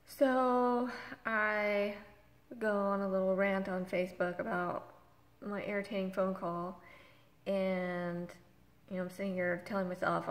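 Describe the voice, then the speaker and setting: A woman's voice: mid-range voice, little pitch movement, a little slow, long reverb tail. A woman vlogger ranting in exasperation, retelling a quarrel with acted quotes. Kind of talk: exasperated rant.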